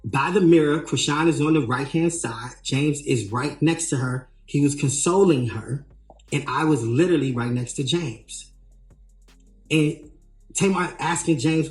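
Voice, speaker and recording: A man working as a tour manager tells a story in an animated way, re-enacting what people said with emphatic rises. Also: on the high side, unhurried. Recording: roomy echo, faint music.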